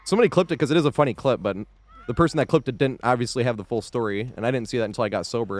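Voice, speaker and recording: With a mid-range voice moving at a racing clip and no room sound, a man provides live commentary over his gameplay. He keeps things casual with viewers, swearing liberally, laughing a great deal, and expressing thanks to supporters mid-game.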